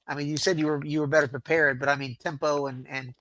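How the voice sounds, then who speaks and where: A man's voice: fairly high pitch, little pitch movement, fast, fairly bright tone, poor audio. A male podcast host asking loose, restarting questions in a casual interview.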